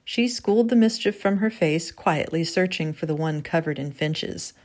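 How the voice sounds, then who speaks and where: A woman narrating a story in a wry, gently humorous way. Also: low-pitched, normal speed.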